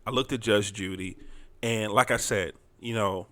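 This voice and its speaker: A man's voice: on the low side, moderate pace, a bit bright, no room sound. A middle-aged man co-hosting a casual podcast chat, playful and joking with his wife. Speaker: podcast co-host.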